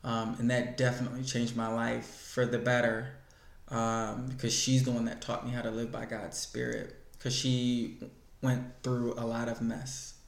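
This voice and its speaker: A man with a gravelly, fry-edged voice recounts his life story as a guest, earnest and involved. His voice bounces around an echoey room. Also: mid-range voice, monotone, normal speed. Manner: earnest storytelling, acts out past conversations. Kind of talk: personal testimony in conversation.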